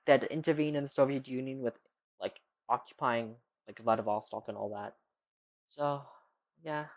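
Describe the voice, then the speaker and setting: A man's voice: mid-range voice, normal speed, lo-fi sound. A man streaming live, rambling casually as he answers chat questions, with lots of "like" and "you know.".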